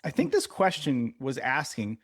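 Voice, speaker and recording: Male podcast co-host, middle pitch, teasing and chatty, dry booth sound. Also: moderate pace, no echo. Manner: animated, teasing, explains at length. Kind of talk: casual podcast chat.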